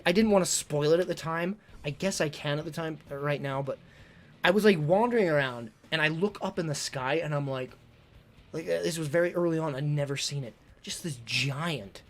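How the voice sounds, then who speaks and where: A streamer talking casually on a live stream, gushing and excitable, often stumbling and repeating words. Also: medium pitch. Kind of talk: casual livestream talk ranking games.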